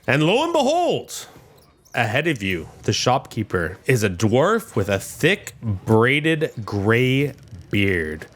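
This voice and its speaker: A man running a tabletop game with a lively, bouncing voice at a middle pitch. He narrates and sets rolls in a playful way, often breaking into laughter. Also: slow. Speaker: game master.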